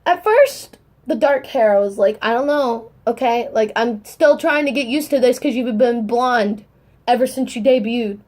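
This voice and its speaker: A young woman vlogging in casual chat, gushing and excitable, rambling and swearing as she talks. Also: fairly high pitch, normal speed.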